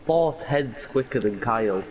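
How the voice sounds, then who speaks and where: A man doing live commentary on a sim racing session, conversational and quick to react with exclamations. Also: medium pitch, animated, dull audio.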